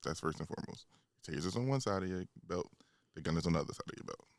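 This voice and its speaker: A man's voice: low-pitched, animated, racing, vocal fry, dry recording, studio quality. A man co-hosting a podcast in casual chat, arguing point by point and laughing often. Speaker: podcast co-host.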